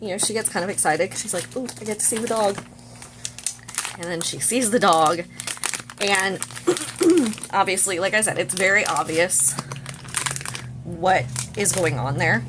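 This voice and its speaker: A woman's voice: on the low side, unhurried, pauses often, noisy background. A woman casually recapping a movie plot while doing her makeup, talking in a chatty way full of "like" and "you know". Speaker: vlogger.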